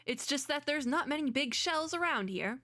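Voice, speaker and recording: A woman voicing a fussy, contrarian platypus who guards tiny shells in a video game, reading the lines in a high, defensive tone. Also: animated, moderate pace, pushed and bright, dry recording, studio quality. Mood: prim. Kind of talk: reading game dialogue aloud.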